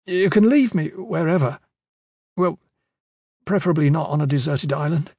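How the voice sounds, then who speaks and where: A man voicing an anxious, earnest teenage boy in an audiobook, with an eager voice that rises high. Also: normal speed, a little mellow, husky, no echo. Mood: wry. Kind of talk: audiobook character voice.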